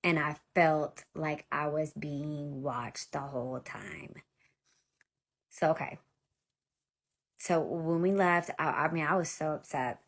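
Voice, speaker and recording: Speaking slowly in a low voice with fairly even intonation, this woman pauses often as she tells her own story. She's in her thirties, addresses viewers as y'all, and comes across as blunt, profane, and exasperated in a casual monologue.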